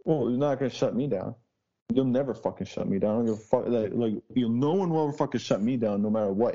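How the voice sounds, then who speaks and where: A man talking in a loose, brash way, full of swearing and long tangents. His voice is mellow and dark. The audio is dull and lo-fi, like a call recording. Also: medium pitch. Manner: brash, swears a lot, rambling storytelling. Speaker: podcast guest, street DJ. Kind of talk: casual chat. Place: Boston.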